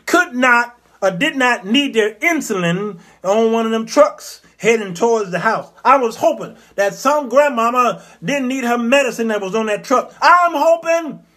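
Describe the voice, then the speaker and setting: A man hosting a comedy talk show, telling a satirical story in an animated way and jumping into put-on voices. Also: very high-pitched, moderate pace, hardly any pauses.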